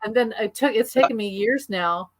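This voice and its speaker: A woman's voice: fairly high pitch, normal speed, no echo. A woman co-hosting a casual chat, enthusiastic and talkative, laughing often. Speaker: podcast co-host.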